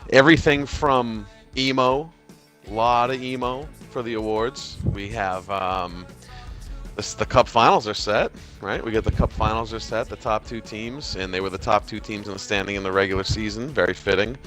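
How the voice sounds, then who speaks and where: A man with a lowish voice runs a loose, profane podcast chat and laughs easily. A Boston accent lies mostly hidden under his talk. Faint music plays beneath him. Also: moderate pace, fairly bright tone. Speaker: podcast host. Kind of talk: casual chat.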